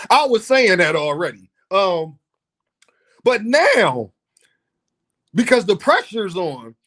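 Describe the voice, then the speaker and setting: Host: Philly man, high voice, playful, teasing, chatty vlog delivery. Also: sing-song, drawn-out words, long pauses, fairly bright tone. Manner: playful, teasing, laughs often, addresses viewers as y'all. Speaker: boxing commentary host. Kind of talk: casual vlog commentary.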